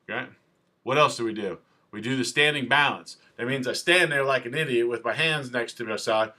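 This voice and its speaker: Sarcastic, animated man with a bright voice. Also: medium pitch, a little fast. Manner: animated and sarcastic, mimics police officers. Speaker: DUI defense attorney. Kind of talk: off-the-cuff legal talk to camera.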